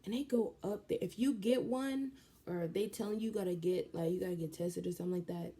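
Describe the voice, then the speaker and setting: A young woman, telling a story in a casual vlog, animated and slangy. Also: lowish voice, a little fast. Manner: animated, slangy, jumps into quoted voices. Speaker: vlogger.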